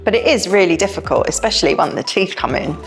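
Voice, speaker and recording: Chatty woman with a low voice. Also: lively intonation, fast, creaky, soft background music. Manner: chatty and warm-hearted, with many fillers and restarts. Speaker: education director speaking to parents. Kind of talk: informal talk to parents, personal anecdotes.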